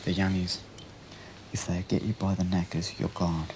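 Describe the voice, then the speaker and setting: An actor playing a leering, menacing Australian criminal who talks crudely and often drops into a rasping whisper. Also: male voice, deep voice, little pitch movement, normal speed, noisy background. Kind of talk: TV police drama acting.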